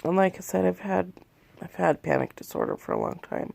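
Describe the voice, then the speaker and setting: A woman's voice: lowish voice, huge pitch swings, fairly quick, creaky, a little mellow, dry recording. A woman in her thirties talking from bed into a phone in a rambling, candid confessional vlog, shaky and worn out after a panic attack. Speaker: vlogger. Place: in bed in a bedroom at home.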